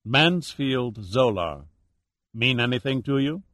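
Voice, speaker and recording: A man reading the lines of a confident male investigator in an audiobook, measured and matter-of-fact. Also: mid-range voice, animated, fairly bright tone, dry recording, clean studio sound, lightly acted.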